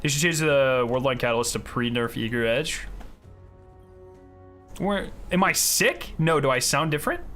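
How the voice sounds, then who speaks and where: A man's voice: mid-range voice, lively intonation, normal speed, long pauses, a bit bright, faint music behind. A man live-streaming a video game, chatting casually with viewers, greeting them by name and swearing freely in a hyped way. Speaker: gaming streamer.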